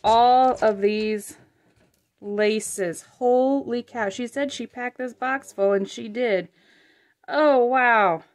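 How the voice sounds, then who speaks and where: A woman's voice: a little high, takes it slowly. Gushing, chatty woman crafter. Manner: chatty and gushing, with many fillers and excited exclamations. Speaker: craft channel host. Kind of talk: casual crafting unboxing vlog.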